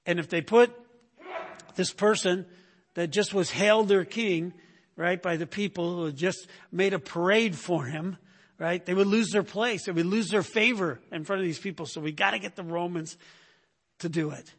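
High-voiced preacher who keeps asking "right?". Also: male voice, moderate pace, a bit bright, slightly rough. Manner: acts out quoted speakers in raised voice. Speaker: pastor. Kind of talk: sermon.

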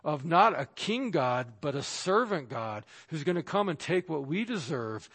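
A man's voice: on the high side, big pitch swings, moderate pace, a bit bright, husky. A man preaching a sermon as pastor, emphatic, acting out the voices he quotes. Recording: long reverb of a large hall.

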